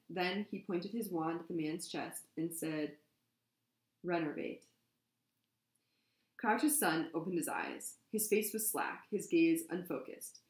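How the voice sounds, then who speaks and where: A woman's voice: fairly low pitch, darkish tone. A woman hosting a podcast, reading a story aloud and chatting casually with fillers. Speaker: podcast host. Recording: roomy echo.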